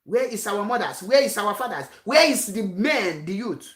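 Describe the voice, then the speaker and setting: A woman's voice: medium pitch, expressive, moderate pace. Fiery woman in an echoey room. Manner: rousing, rhetorical questions, repetitive. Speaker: activist speaker. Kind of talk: impassioned political speech.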